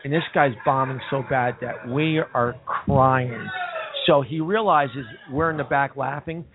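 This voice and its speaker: A man's voice: medium pitch, unhurried, background noise. A man hosting a casual talk show from a pub, animatedly telling stories and acting out other people's lines. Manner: animated storyteller, acts out quotes. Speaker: host. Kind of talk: casual bar radio chat. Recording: tinny phone-like radio broadcast.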